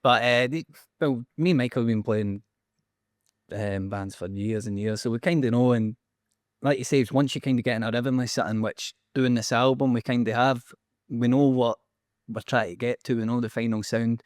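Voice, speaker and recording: A man with a Scottish accent, a band member, talking in a relaxed, easygoing way in an interview. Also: mid-range voice, moderate pace, no echo, studio quality. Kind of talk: casual interview.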